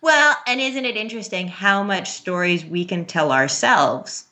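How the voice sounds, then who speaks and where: A woman in her thirties in casual conversation about parenting, earnest and quick to laugh, with many restarts. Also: medium pitch, sharp tone. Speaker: parent guest. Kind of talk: casual podcast chat.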